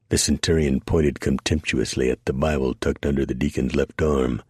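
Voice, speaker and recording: A man narrating an audiobook in a measured, dramatic storytelling manner. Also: very deep voice, steady tone, a little mellow, husky, dry recording, studio quality.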